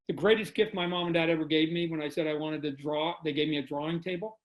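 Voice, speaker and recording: A man's voice: fairly high pitch, steady tone, moderate pace, few pauses, a bit bright. A man, a comic book creator, telling stories as a podcast guest over a video call, animatedly acting out quotes and sound effects. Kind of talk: casual podcast conversation. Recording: roomy video call audio.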